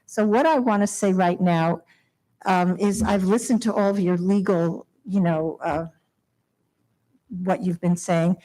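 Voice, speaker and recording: A woman's voice: lowish voice, steady tone, measured pace, dark tone, rough recording. Woman, 70s, Long Island resident; earnest, emotional public comment at a podium mic in a town meeting room. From Long Island, New York. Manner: emotional, heartfelt pleading with nervous laughs. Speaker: resident speaking at public hearing. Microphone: podium microphone.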